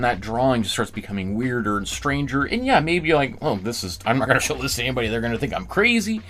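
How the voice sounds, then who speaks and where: A male art teacher giving a live online drawing class. He talks in a casual, rambling, encouraging way and often restarts his phrases. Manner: acts out quoted voices with big pitch jumps.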